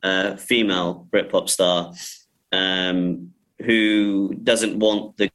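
A film director talking casually in an interview, rambling with many restarts and frequent laughs. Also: male voice, low voice, flat delivery, takes it slowly, fairly bright tone, poor audio.

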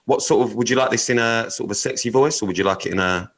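A man's voice: medium pitch, quick pace, fairly bright tone, rough recording. A man co-hosting a podcast, swearing bluntly in casual chat and reading out dating news items with teasing comments. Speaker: podcast co-host.

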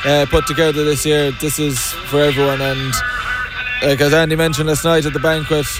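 An Irish man from Mayo, a footballer, speaking modestly and haltingly in a post-match interview. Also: a little high, loud music behind the voice. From Ireland. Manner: modest, halting, flat delivery.

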